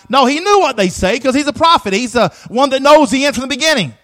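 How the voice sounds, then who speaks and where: High, bright-voiced male preacher. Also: expressive, fast, hardly any pauses, rough recording. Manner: emphatic preaching, repeats phrases, swings from loud to hushed; asks the congregation for responses. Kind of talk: sermon.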